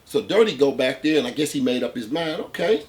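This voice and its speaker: A man with a medium-pitched voice talks fast as a host, telling a gritty street-life story. He's animated, profane and conversational, constantly tossing in "man."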